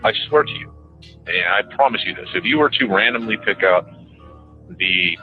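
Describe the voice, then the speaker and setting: Man ranting hard on the radio, cussing, low voice, thin phone-line sound with faint music under it. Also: expressive, moderate pace. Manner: emphatic, profane, repetitive.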